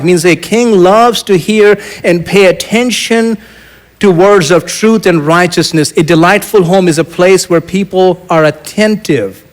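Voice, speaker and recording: A middle-aged man preaching a sermon as pastor, telling a personal story and moving between loud proclamation and quiet asides. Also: high voice, measured pace.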